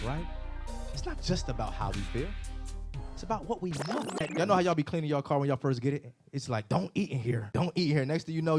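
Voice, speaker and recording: A man preaching a sermon as a pastor, animated and conversational, moving between loud emphatic peaks and quiet, hushed scripture reading. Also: mid-range voice. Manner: casual conversational asides to the congregation.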